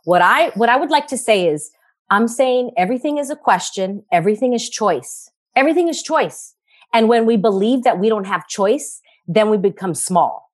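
A woman guest in a casual podcast interview, talking in an animated way and repeating phrases for emphasis. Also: mid-range voice, moderate pace.

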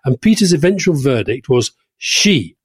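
A man with a husky, breathy voice chats wryly about politics, tripping over his words from time to time. His voice sits at an ordinary pitch and sounds dry and close to the mic. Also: big pitch swings, normal speed, dry recording. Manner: chatty and wry, with repeated words. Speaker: podcast co-host. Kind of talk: casual political discussion.

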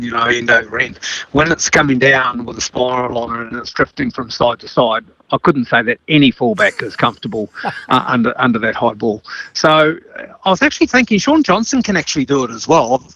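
A man's voice: mid-range voice, sharp tone, dry recording, muffled recording. A man, a rugby league commentator talking casually in a radio interview, full of fillers and restarts. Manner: chatty, many fillers and restarts.

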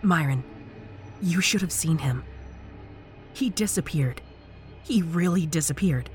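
A man voicing an excitable woman English teacher who gushes breathlessly. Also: high-pitched, normal speed, soft background music, voice pushed up. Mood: giddy. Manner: gushing, breathless.

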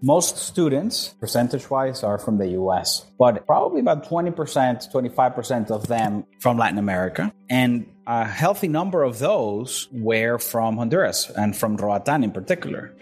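A man from Venezuela, a guest in an interview, telling stories in a lively way, acting out the people in them and laughing along. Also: mid-range voice, moderate pace, few pauses, soft background music. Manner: animated storyteller, acts out quotes and laughs. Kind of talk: storytelling in an interview.

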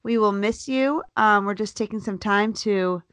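A woman co-hosts a podcast and talks to listeners in an upbeat, chatty tone. Her pitch is middling, and her voice sounds dry and close, with no room echo. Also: a little slow, a bit bright. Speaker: podcast co-host. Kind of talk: casual chat, signing off the show.

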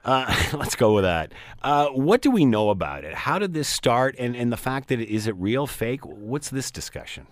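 A man's voice: mid-range voice, big pitch swings, normal speed, no room sound, clean studio sound. A man hosting a talk radio show, interviewing guests in a conversational way with fillers and restarts.

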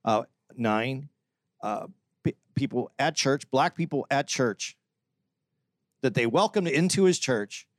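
A man's voice: mid-range voice, animated, takes it slowly, long pauses, no echo. A man with a mid-range voice co-hosting a podcast, holding forth in long, opinionated turns. He circles back and restarts his sentences as he builds an argument. His voice sounds dry and close to the mic, with no room sound. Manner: opinionated, talks at length with restarts. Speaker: podcast co-host. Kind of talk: casual chat.

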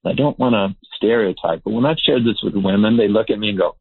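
A male researcher talks through his ideas in an earnest, emphatic way. His voice is husky and lowish. It comes over a tinny, phone-like line. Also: fast talker, few pauses, no echo. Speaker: behavior researcher. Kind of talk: interview guest explaining.

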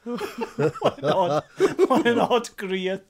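A man's voice: sits high, expressive, takes it slowly, gravelly. A man co-hosting a podcast, making dry, joking asides in casual chat. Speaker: podcast co-host.

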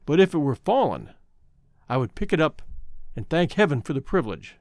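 Storybook reading: man doing an ardent, idealistic young suitor, lively swooping delivery, dry sound. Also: fairly high pitch, a little fast, dry recording.

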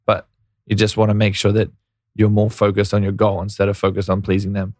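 A man's voice: on the low side, completely flat delivery, a little fast, a little mellow, dry recording, clean studio sound, soft background music. A young man with an Australian accent, chatting casually as a podcast guest, filling his talk with "like". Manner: laid-back, lots of "like" fillers. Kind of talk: casual chat.

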